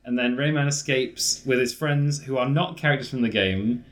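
A man's voice: medium pitch, normal speed. A man co-hosting a casual podcast chat with friends, joking and sarcastic. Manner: jokey, sarcastic, mock-quotes lines in silly voices. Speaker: podcast co-host.

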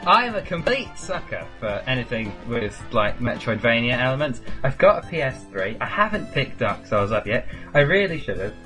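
A man's voice: medium pitch, big pitch swings, normal speed, few pauses, sharp tone, soft background music. A man hosting a casual podcast, rambling and joking with plenty of ums. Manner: rambling, jokey, lots of ums. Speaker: podcast host.

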